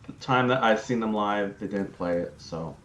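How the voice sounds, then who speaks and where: A man's voice: lowish voice, moderate pace, a bit bright, slight background noise. A man hosting a casual podcast chat, easygoing and asking the others questions. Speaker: podcast host. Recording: roomy echo.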